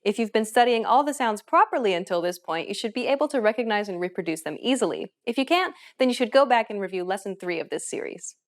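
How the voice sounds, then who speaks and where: A woman hosting a language course, reading a scripted lesson in a clear, even teaching manner. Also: mid-range voice, fast talker, few pauses.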